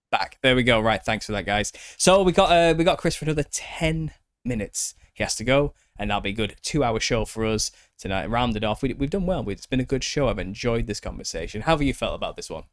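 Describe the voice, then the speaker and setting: A man's voice: on the low side, lively intonation, a little fast, no echo, studio quality. A British man hosting a podcast in casual chat, self-deprecating and laughing often. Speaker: podcast host.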